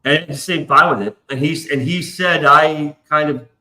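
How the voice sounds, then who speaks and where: A man's voice: on the high side, normal speed, pushed and bright, reverberant, poor audio. A man hosting a casual live stream, telling a long rambling story and swearing freely. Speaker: stream host. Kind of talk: casual chat.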